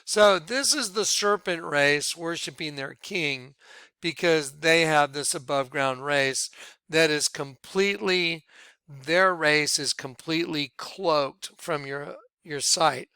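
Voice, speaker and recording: A man leading a ministry, talking viewers through images on his screen in an excitable, repetitive way. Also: on the high side, slow, smooth, dry recording. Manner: excitable, repeats himself, points things out to viewers. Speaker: ministry leader presenting on screen. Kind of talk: screen-share commentary.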